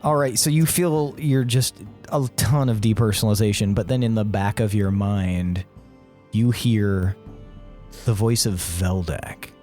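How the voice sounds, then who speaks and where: A man's voice: lowish voice, fairly even intonation, unhurried, a little mellow, faint music behind. Easygoing male game master. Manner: easygoing, laughs often. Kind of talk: narrating a tabletop game.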